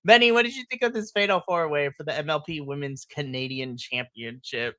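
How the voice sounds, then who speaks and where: Excitable, laughing podcast co-host. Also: mid-range voice, fairly quick, no room sound. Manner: excitable, laughs often, breaks into loud exclamations. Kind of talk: casual post-show chat.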